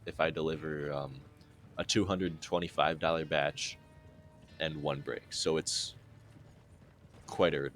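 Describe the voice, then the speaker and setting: A young man narrating a casual gameplay tutorial in a relaxed, chatty way with dry sarcastic asides. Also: deep voice. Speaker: game guide narrator.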